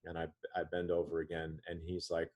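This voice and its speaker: A man's voice: deep voice, monotone, fairly quick, darkish tone. A man in his thirties, an author and interview guest, telling a story animatedly with frequent restarts.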